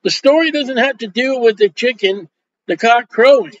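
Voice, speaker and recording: A high-voiced male preacher tells jokes through his sermon and acts out the lines of people in his stories. The recording is dull and lo-fi. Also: normal speed, dry recording. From Polish Roman Catholic upbringing. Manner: joking, animated, acts out quoted dialogue. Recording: dull lo-fi sound.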